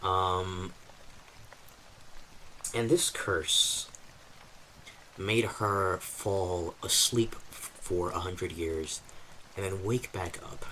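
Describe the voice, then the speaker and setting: A man's voice: low-pitched, sharp tone, slight background noise, poor audio. A man streaming as a novice dungeon master, casually recapping his campaign in a chatty, self-deprecating way and talking to his chat.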